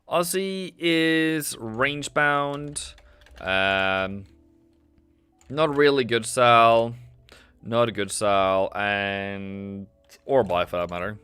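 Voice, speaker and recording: A man's voice: medium pitch, a bit bright, smooth, no echo. Chatty man hosting a trading livestream. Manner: chatty, answers own questions, reads and teases chat. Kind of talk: casual livestream market commentary.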